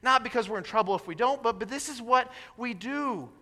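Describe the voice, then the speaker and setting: A male pastor delivers a sermon in a church sanctuary, moving from loud exclamations to soft, near-whispered prayer. His voice sits high and sounds bright and forceful. A long reverb from the hall trails behind every phrase. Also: fairly quick.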